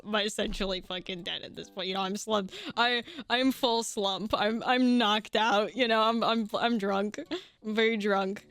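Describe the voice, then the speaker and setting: A young woman with a medium-pitched voice tells a personal story casually and with lots of energy. She swears freely, laughs a lot and keeps restarting her sentences.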